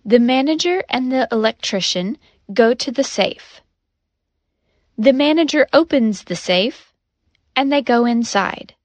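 Slow, deliberate woman narrating a lesson. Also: medium pitch, dry recording. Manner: careful, deliberate reading. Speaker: narrator and language teacher. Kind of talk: slow, clear narration for learners.

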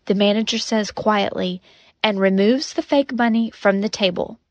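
A woman narrating a story and reading vocabulary drills for language learners, careful and deliberate. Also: medium pitch, no room sound. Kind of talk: slow, clear narration for learners.

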